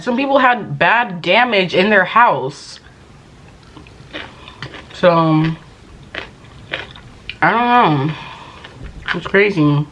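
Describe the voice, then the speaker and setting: A woman's voice: mid-range voice, a bit bright, a little hiss or hum. A woman vlogging in casual chat, rambling and exasperated, talking while she eats.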